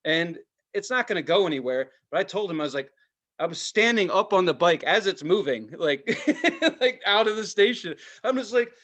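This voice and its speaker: High-voiced man telling a heated, profane story. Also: animated, moderate pace, fairly bright tone. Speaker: podcast co-host. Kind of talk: casual storytelling chat.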